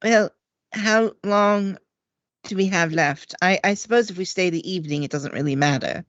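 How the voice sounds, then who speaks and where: A woman's voice: fairly low pitch, normal speed, fairly bright tone, lo-fi sound. A woman player in a tabletop game, talking casually and hesitantly, restarting phrases.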